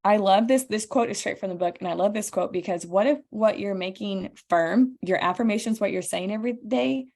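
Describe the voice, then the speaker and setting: A woman hosts a team call over video, coaching her listeners through a motivational training talk. Her voice has a gravelly, creaky edge, pitched in the middle range. She sounds earnest and encouraging and speaks straight to her audience. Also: fairly quick, few pauses, a little mellow. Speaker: team leader hosting a call.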